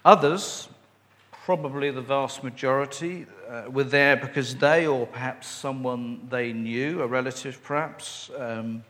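A man preaching a sermon and reading scripture, unhurried, with fillers and friendly asides. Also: medium pitch, a bit bright, big-room sound. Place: church.

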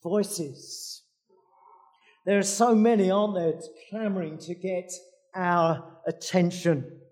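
A man's voice: sits high, fairly even intonation, slow pace, darkish tone. A man preaching a sermon in a conversational way, with dry asides and frequent fillers.

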